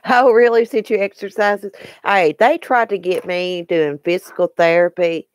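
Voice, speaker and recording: A woman's voice: on the low side, fairly even intonation, normal speed, dry recording, clean studio sound. A woman with a Southern American accent hosting a casual live stream, chatting and answering viewer comments by name.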